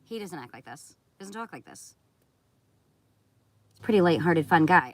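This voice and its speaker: Woman streamer, low-pitched and animated, scolding chat with sarcasm. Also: moderate pace, dry recording. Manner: sarcastic and confrontational; blunt, scolding. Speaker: content creator on a live stream. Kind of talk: live stream, answering viewer chat.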